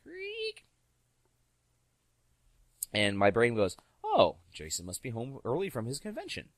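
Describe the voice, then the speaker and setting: A man telling stories in a casual podcast chat, animated and acting out the voices of the people in them. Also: mid-range voice, brisk. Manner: animated, acts out quoted voices. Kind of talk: casual storytelling.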